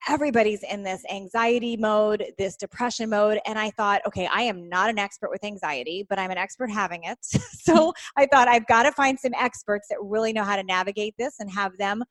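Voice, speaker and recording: A woman's voice: mid-range voice, fairly quick, hardly any pauses, dry recording. A woman in her thirties hosting a podcast interview, enthusiastic and gushing, laughing easily as she introduces and questions her guest. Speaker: podcast host. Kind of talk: casual interview.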